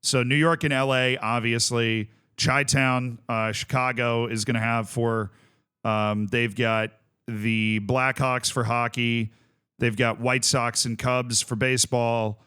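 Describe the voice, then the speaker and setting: This young man from Tampa, Florida speaks slowly in a level, medium-pitched voice that sounds pushed, bright and smooth. He's streaming a game in a casual livestream chat, thinking aloud as he lists things and corrects himself.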